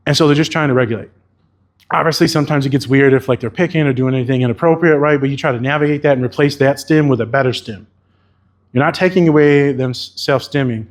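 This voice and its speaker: A man giving a conference keynote as a therapist, talking candidly and casually and swearing freely. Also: medium pitch. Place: conference venue.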